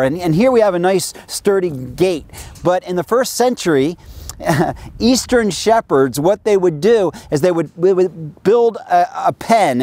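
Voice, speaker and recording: A man's voice: high voice, dark tone, no room sound. A male American pastor preaching a sermon outdoors, talking in a conversational way and often restarting his words. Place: outdoors near a sheep pen.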